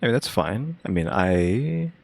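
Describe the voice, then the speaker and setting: A man chatting casually as co-host, with dry deadpan humor and rambling asides. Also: on the low side, a little slow, gravelly. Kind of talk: casual reaction chat.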